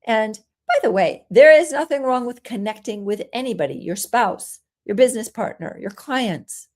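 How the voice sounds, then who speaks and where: A woman parenting coach giving a solo talk, explaining calmly and acting out soothing things a parent might say. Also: a little high, moderate pace. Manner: gentle, explanatory, acts out soothing parent lines.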